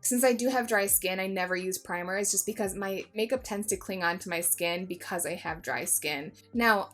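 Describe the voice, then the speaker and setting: A woman giving a casual makeup tutorial, chatty and jokey, swearing freely and mocking herself. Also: medium pitch. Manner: self-mocking asides. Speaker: beauty vlogger.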